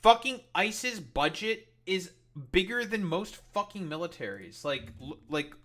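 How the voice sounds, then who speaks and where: A man's voice: high-pitched, animated, a little slow, bright, forceful tone. A man streaming reaction commentary, ranting with heavy swearing and exasperation.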